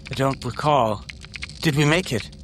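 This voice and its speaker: Picture a dazed, half-machine male scientist, as a man puts him on, speaking in a halting way that goes flat and mechanical. His voice sits at an ordinary middle pitch for a man. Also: slight background noise, natural voice. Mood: confused.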